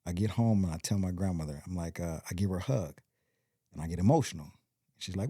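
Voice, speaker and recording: Podcast guest: low-pitched man with a mellow tone and a dry close sound, rambling through a story. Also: brisk, dry recording. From Compton, California. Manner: rambling, animated retelling with quoted voices. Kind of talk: storytelling in casual interview.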